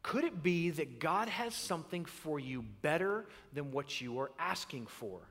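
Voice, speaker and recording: A male pastor mixes scripture with comic storytelling. His voice sits high and swings a lot. A long reverb trails behind it, as in a big hall. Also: unhurried, gravelly. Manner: animated, acts out voices.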